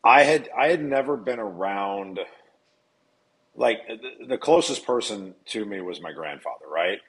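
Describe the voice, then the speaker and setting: Man, guest storyteller, from Nebraska, candid, swears freely, somewhat low voice. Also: lively intonation, measured pace, fairly bright tone, low-quality recording. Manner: blunt, profane, confessional. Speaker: podcast guest.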